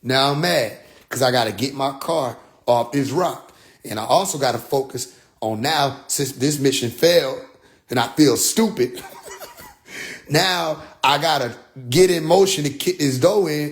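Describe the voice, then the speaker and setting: A young man casually telling a personal story, profane and animated, jumping from loud outbursts to low muttered asides. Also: measured pace.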